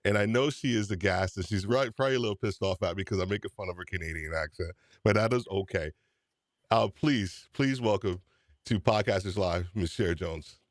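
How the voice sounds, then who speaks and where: Deep-voiced upbeat male podcast host. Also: a little fast, no echo, studio quality. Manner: upbeat, chatty, repeats phrases. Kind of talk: live-stream podcast hosting.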